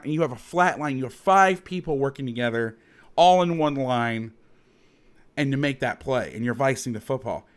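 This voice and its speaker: A man hosting as a football coach, breaking down game film in a heated, profane, emphatic way, repeating his points. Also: mid-range voice.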